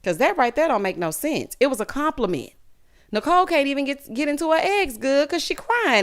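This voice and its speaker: Woman, thirties, sassy recap vlogger, lively pitch, honey-and-child chatter. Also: brisk. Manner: sassy, animated, calls viewers honey and child. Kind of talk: casual recap commentary.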